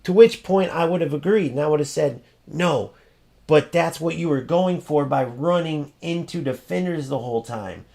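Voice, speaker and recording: A male gaming host in a blunt, heated rant, swearing freely and repeating himself to drive a point home. His voice sits a little high and carries a gravelly fry. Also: normal speed, darkish tone. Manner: blunt, profane, repeats for emphasis.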